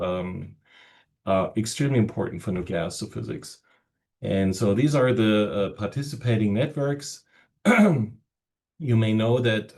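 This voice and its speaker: Man, German accent, network director, opening remarks, halting with fillers, video call audio. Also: fairly low pitch, a little mellow. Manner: halting, many fillers and pauses.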